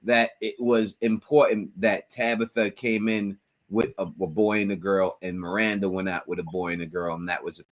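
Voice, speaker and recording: A man co-hosting a casual livestream call-in show, animated and repeating words for emphasis. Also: lowish voice, moderate pace, few pauses. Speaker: co-host.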